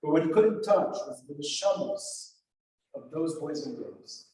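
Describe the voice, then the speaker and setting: Earnest rabbi in a very echoey synagogue. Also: male voice, a little high, animated, unhurried, mellow, slight background noise. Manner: earnest, emotional storytelling. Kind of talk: explaining liturgical lament poems. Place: synagogue sanctuary. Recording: very echoey hall from far off.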